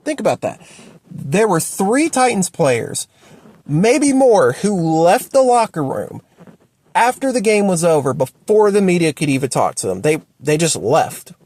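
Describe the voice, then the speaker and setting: A man's voice: very animated, a little slow. A man ranting at home about his football team, exasperated and repeating himself. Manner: exasperated, repetitive ranting with sharp swings up and down in pitch. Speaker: sports fan commentator. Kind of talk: ranting sports opinion video.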